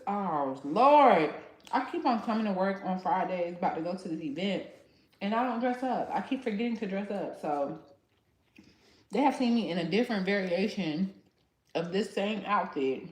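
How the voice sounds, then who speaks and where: A woman chatting casually and rambling to viewers on a livestream from her small salon. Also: medium pitch. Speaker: hairstylist and salon owner hosting a livestream. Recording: echoey salon room.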